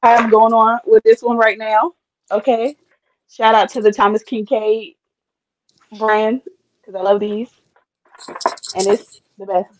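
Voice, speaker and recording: A woman with a fairly high voice chats casually as a podcast co-host. She is playful and quick to laugh, tossing in asides. The sound is dry and close to the mic. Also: flat delivery, no echo, poor audio.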